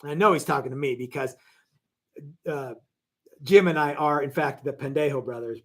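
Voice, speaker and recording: A man's voice: mid-range voice, moderate pace. A man hosting a casual live stream from his guitar shop, answering viewer questions in a rambling, joking way with lots of fillers and restarts. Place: guitar workshop.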